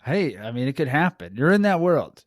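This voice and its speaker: A man's voice: on the high side, very animated, fairly quick, dry recording. A man hosting a casual podcast, playfully tossing out offbeat questions. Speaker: podcast host. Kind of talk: casual chat.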